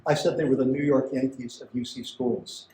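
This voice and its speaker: A man's voice: medium pitch, steady tone, fairly quick, mellow. A man giving a conversational art lecture to a museum audience, chatty, with asides and questions to the room. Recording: roomy gallery echo.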